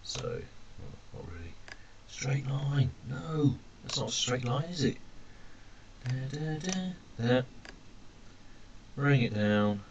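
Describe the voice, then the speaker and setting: A man teaching a language lesson while drawing characters on screen, chatty and self-deprecating, calling his viewers ladies and gentlemen. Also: medium pitch, lively intonation, slow, dull audio, a crowd in the background.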